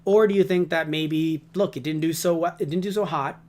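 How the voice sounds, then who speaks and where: A man's voice: on the high side, steady tone, a little fast, darkish tone. A man co-hosting a casual podcast, rambling and ranting with heavy swearing. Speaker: podcast co-host.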